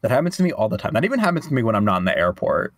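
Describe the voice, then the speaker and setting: A man's voice: lowish voice, racing, no room sound, clean studio sound. A young man co-hosting a podcast in casual chat, joking and laughing often. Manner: animated, jokey, laughs often. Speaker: podcast co-host.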